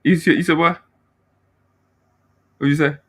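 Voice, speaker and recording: A man's voice: on the high side, level tone, unhurried, breathy edge. A man hosting a casual panel chat, teasing and bantering with his guests.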